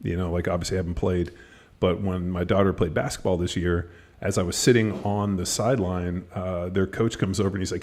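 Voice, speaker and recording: In a low voice at a quick pace, a middle-aged man hosts a casual podcast. His stories are lively, he swears without restraint, and he acts out the quotes of people involved.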